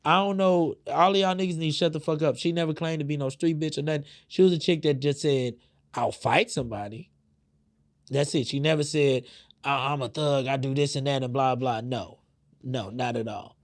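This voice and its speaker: A man's voice: a little high, normal speed. Heated, rambling man sounding off. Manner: animated, profane, heated, many fillers. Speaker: podcast host. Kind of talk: casual opinion commentary.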